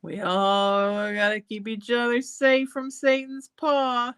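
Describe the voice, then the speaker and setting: Slow-talking woman hosting a live chat. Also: on the high side, flat delivery, smooth, no echo. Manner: rambling and chatty, with frequent laughs; breaks into soft singing. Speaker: psychic medium hosting a live show. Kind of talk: casual live-stream chat.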